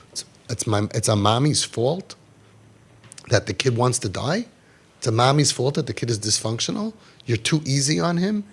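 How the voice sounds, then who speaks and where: Gravelly man giving an impassioned talk. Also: expressive, normal speed. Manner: emphatic, repeats phrases, drops low for stress; mixes in Yiddish and Hebrew words. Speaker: parenting speaker.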